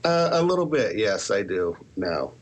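Low-voiced man answering interview questions. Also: big pitch swings, moderate pace. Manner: candid, rambling with self-deprecating asides. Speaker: author and podcaster.

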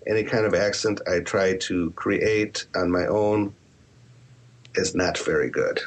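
Low-voiced man answering interview questions. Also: a little slow. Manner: candid, rambling with self-deprecating asides. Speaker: author and podcaster.

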